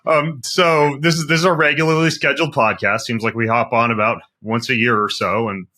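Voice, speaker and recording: A man's voice: medium pitch, flat delivery, a little fast, sharp tone. A middle-aged man hosting a podcast interview, casual and joking, rambling with fillers. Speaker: podcast host.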